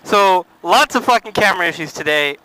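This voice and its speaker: A man's voice: sits high, expressive, brisk, pushed and bright, a little hiss or hum, poor audio. A young man casually vlogging about a motorcycle ride, laid-back and swearing freely. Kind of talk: casual vlog chat.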